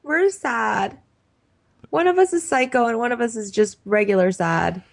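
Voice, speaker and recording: Wry woman recapping with lively pitch. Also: brisk. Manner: wry, recaps from her notes with blunt jokes. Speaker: podcast co-host. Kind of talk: casual recap chat.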